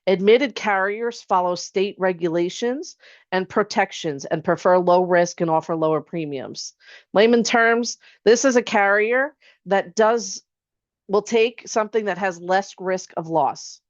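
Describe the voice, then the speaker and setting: A woman at a mid-pitched level, talking an online audience through a webinar. Her delivery is chatty, full of rhetorical questions and quick "okay?" check-ins. The audio is dull and lo-fi with a dry, close sound. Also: no echo. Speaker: insurance agent presenter. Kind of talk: webinar presentation.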